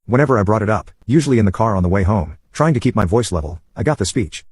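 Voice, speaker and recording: A man's voice: lowish voice, animated, fast, a little mellow, breathy edge, no echo, clean studio sound. A man narrating an online story in a wry, sardonic scripted tone.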